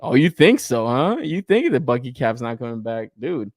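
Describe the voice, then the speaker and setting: A young man in loose, animated podcast chat who curses often and laughs easily. His voice sits at an ordinary middle pitch. It is recorded close and dry, with no room sound around it. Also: normal speed, dry recording. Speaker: podcast host. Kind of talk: casual toy-collector chat reacting to reveals.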